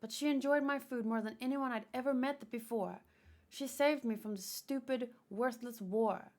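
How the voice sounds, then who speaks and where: A woman's voice: a little high, normal speed, a little mellow, lightly acted. A woman voicing a heartbroken young male cook who speaks bitterly, in a manga read-aloud.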